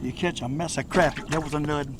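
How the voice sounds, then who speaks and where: An older man with a Southern drawl talks on a boat in the open air, with steady outdoor noise clear behind him. His voice sits a bit high for a man, and he rambles in a folksy, chatty way, breaking into excited cries. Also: quick pace. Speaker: fishing vlogger. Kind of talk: casual talk to camera while fishing. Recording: outdoor background noise on a lake.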